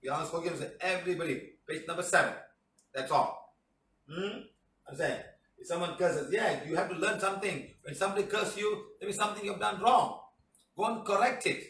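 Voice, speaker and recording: High-voiced emphatic male healing teacher. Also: a little fast, fairly bright tone, a little hiss or hum. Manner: emphatic, repeats phrases, answers questions directly. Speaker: spiritual healing teacher answering questions. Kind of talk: live question-and-answer talk. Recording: roomy sound from a distant mic.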